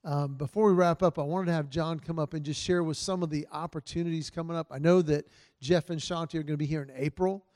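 A man giving a heartfelt church talk to a men's group, telling stories in an earnest way and softening his voice for quoted lines. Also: on the high side, steady tone, fast talker, no room sound. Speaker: men's ministry speaker.

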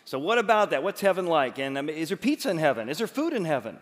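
A man preaching a sermon in an animated, joking way, with quick asides. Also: fairly high pitch. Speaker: pastor. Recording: long reverb of a large hall.

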